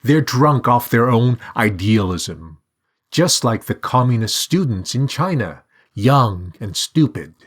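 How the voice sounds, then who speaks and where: A man's voice: medium pitch, lively intonation, takes it slowly. A man voicing a talking bird in a storybook reading, soothing and condescending. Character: talking bird, patronizing consoler.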